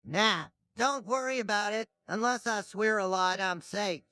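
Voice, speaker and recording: A jittery chain-smoking neighbor. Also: male voice, sits high, measured pace, sharp tone, no room sound, studio quality. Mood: plain. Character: nervous, twitchy middle-aged chain-smoking neighbor. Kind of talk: synthetic parody cartoon voice.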